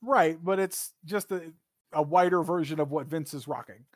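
A man with a slightly higher voice chats on a gaming podcast. He rambles and swears, and his pitch leaps up without warning. The sound is dry and close. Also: moderate pace, no room sound. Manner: animated, profane, rambling with sudden jumps in pitch. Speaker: podcast co-host. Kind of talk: casual gaming podcast chat.

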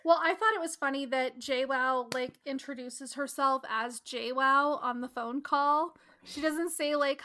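A woman's voice: high voice, steady tone, normal speed, sharp tone. A woman hosting a podcast, chatting casually and outspokenly with many "like"s. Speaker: podcast host. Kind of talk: casual chat.

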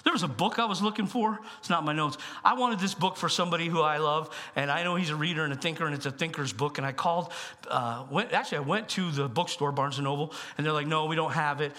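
High, bright-voiced pastor preaching. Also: male voice, fast. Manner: animated storytelling, jumps between hushed asides and loud bursts. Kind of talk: sermon. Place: church.

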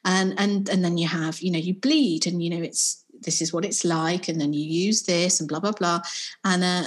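A woman co-hosting a podcast, sharing a parenting story in a chatty, matter-of-fact way. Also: on the low side. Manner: chatty, matter-of-fact, lots of "you know". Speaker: podcast co-host. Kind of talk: casual chat, anecdote.

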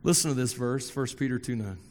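A man's voice: medium pitch, a little fast, a little mellow, in a large hall. A man preaching a sermon to a congregation, joking with the crowd and emphatically repeating key phrases. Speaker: pastor. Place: church hall before a congregation.

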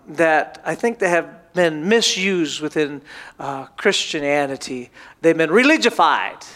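A pastor preaching a sermon to his church, telling a story and acting out the voices of the people in it. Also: high voice. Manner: animated, acts out quoted voices.

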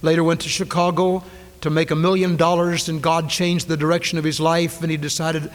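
A male preacher in a church sanctuary delivers a sermon in a fairly high voice at a fairly quick pace with a level tone, swinging dramatically between ringing declarations and near-whispers. He repeats phrases to drive points home. The 1990s recording has a long reverb from the hall.

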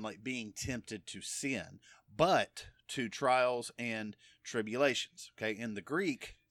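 A man's voice: medium pitch, a bit bright, no echo, studio quality. A middle-aged man teaching from the Bible in a casual, emphatic way, often checking in with "okay?". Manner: conversational, emphatic, frequent "okay?" check-ins. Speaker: preacher.

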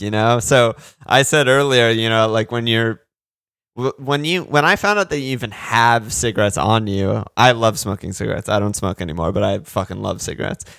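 A man's voice: medium pitch, fairly bright tone, no room sound, studio quality. A man co-hosting a game podcast in a casual, rambling chat, swearing freely. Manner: rambling, loose, swears often, lots of fillers. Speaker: podcast co-host.

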